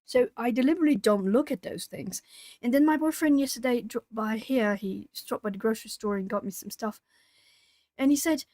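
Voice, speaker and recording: A woman hosting a live art-channel stream, chatting casually with viewers and breaking into lively retold exchanges. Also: a little high, a little fast, no echo. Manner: chatty, talking to chat while colouring; animated when retelling stories. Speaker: YouTube art channel host. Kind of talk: casual livestream chat.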